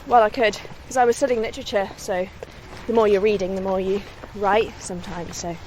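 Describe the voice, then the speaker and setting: Interviewed casually during a country walk, a young West Midlands woman who writes and sings her own songs talks modestly, laughing readily. Her voice is mid-range, steady and a little mellow, slightly fast, with faint outdoor sounds and far-off traffic behind her.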